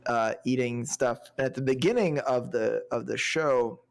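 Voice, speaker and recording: A man's voice: medium pitch, normal speed, vocal fry. A man co-hosting a podcast, chatting casually about a film, rambling and searching for words with lots of fillers. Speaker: podcast co-host. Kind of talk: casual movie review chat.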